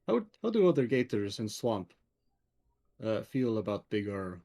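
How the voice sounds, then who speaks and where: A man's voice: on the low side, big pitch swings, unhurried, gravelly, dark tone, exaggerated voice. A man playing a blunt adventurer with clipped speech. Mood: probing. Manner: clipped broken grammar.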